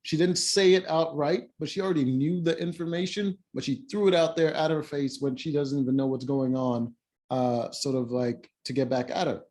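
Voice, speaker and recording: A man's voice: fairly high pitch, steady tone, normal speed, darkish tone. A man recapping a reality-show episode in casual chat, rambling with lots of fillers and restarts and blunt asides. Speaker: show reviewer.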